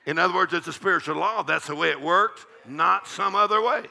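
A man's voice: high-pitched, fairly quick, gravelly, sharp tone. An older man, a pastor preaching an evening sermon in a folksy, joking, call-and-response way.

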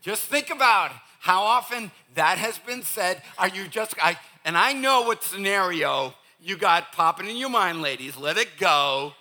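A man preaching a sermon in church, casual and animated, acting out the sharp things people say at home. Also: sits high, measured pace, few pauses. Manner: animated, acts out scolding parents. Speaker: pastor.

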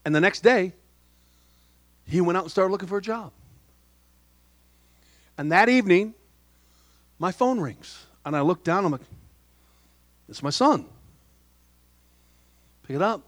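A middle-aged man preaching a sermon, soft-spoken, telling a personal story with humor and quoted dialogue. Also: sits high, animated, a little slow, pauses often, dry recording, studio quality. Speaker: pastor.

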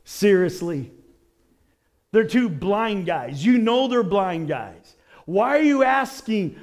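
A man preaching a sermon in an animated way, rising to shouts as he acts out the stories he tells. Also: sits high, takes it slowly. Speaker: pastor.

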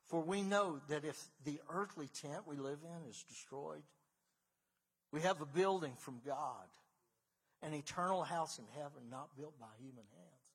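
Middle-aged male pastor, slightly high husky voice, preaches in a casual storytelling way with emphatic swells. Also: a bit bright. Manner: conversational, storytelling, rising to emphatic bursts. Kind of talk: sermon.

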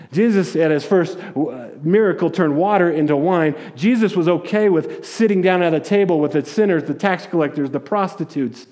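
Man, preacher, sermon storytelling, casual and animated, slightly high voice. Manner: casual, animated retelling with acted quotes and jokes. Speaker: pastor.

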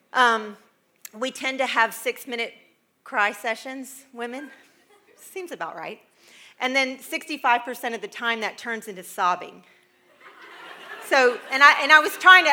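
A middle-aged woman from the United States gives a chatty, humorous talk to a live audience, rambling through asides and laughing often. Her voice is on the high side, pushed and bright, with a little hiss or hum.

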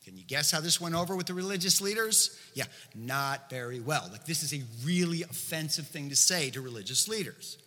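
A man's voice: fairly high pitch, bright, forceful tone. A male preacher giving a sermon, conversational and explanatory, full of asides to the congregation, recorded with long hall reverb.

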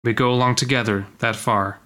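A man's voice: mid-range voice, fairly even intonation, a little fast, pushed and bright. A man reading a science-fiction story aloud with a friend, acting out the lines and breaking off to joke about the writing. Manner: reads lines dramatically, then jokes and comments. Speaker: co-reader of a story. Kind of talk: casual reading aloud with banter.

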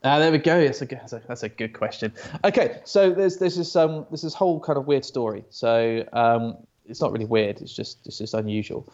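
A man's voice: medium pitch, a little fast, hardly any pauses, darkish tone, lo-fi sound. A British man chatting as an interview guest, often stammering and restarting, telling stories. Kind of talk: casual interview chat.

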